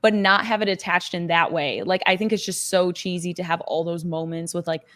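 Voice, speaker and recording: A woman's voice: on the low side, steady tone, a little fast, a bit bright. Easygoing woman guest chatting. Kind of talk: casual chat.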